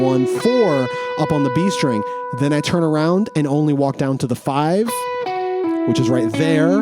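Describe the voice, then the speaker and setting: A man teaching guitar in a casual, relaxed way, talking through note names as he demonstrates. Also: mid-range voice. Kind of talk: casual instructional explanation.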